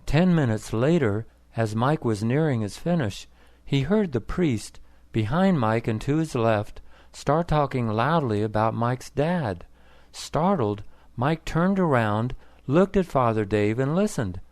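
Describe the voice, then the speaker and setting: A man reads a story aloud for English learners in a plain, even manner. His voice sits in the middle range. The recording is dry and close, with no room echo. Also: medium pitch, a little slow. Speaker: narrator.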